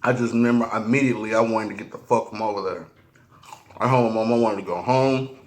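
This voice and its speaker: A man's voice: fairly low pitch, fairly even intonation. A man telling a personal story while eating on camera, slangy and profane, often stopping and restarting. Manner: halting, restarts a lot. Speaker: mukbang vlogger.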